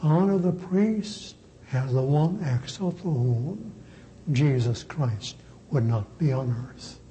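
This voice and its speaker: A man, a priest, preaching a sermon with slow, emphatic repetition. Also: on the high side, lively intonation, mellow, slight background noise, low-quality recording.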